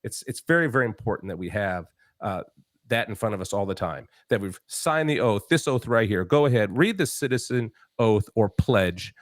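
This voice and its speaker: A man hosts a talk show, pressing his points with rhetorical questions and frequent restarts. His pitch swings widely as he preaches. The sound is dry and close. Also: expressive, moderate pace, no echo. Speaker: show host. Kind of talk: political talk show chat.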